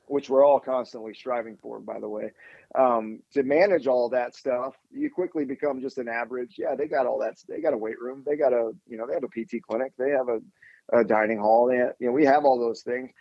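A man's voice: medium pitch, fairly even intonation, fairly quick, vocal fry, dry recording, highs cut off. A man being interviewed as a podcast guest, talking energetically in long run-on lists with frequent restarts. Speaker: assistant athletics director, guest.

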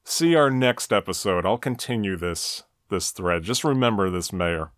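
A man's voice: deep voice, lively intonation, normal speed, no echo. Dry-humored man recapping a cartoon. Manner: dry, wry recapping with a joking tone. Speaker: podcast host. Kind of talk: casual recap commentary.

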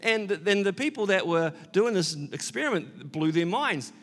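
A man's voice: high voice, lively intonation, normal speed, fairly bright tone, big-room sound. A man preaching an Easter sermon, earnest and building to emphatic declarations, with casual asides and fillers. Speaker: pastor.

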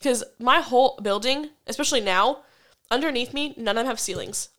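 Animated, swearing young woman telling a story. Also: a little high. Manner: profane, animated storytelling with quick laughs. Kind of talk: casual chat.

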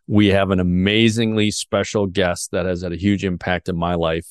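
Low-voiced earnest male podcast host. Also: little pitch movement, normal speed, clear, resonant tone, dry recording, studio quality. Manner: earnest, emotional storytelling with frequent restarts. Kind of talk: podcast interview.

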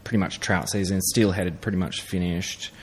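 Low husky male storyteller, relaxed, laughs through his anecdotes. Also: a little fast. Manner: laid-back, laughs through his stories. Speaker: guest angler. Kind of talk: casual storytelling chat.

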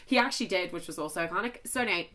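A young Irish woman chats to camera, telling a story at a racing pace in a lowish, sharp-toned voice. She's chatty, swears a lot, and fills her talk with "like".

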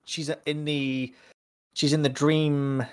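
Male podcast co-host, rambling and animated, a shade higher-pitched than most men. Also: slow pace, clear, resonant tone. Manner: animated, rambling, acts out scenes. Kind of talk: casual film-review chat.

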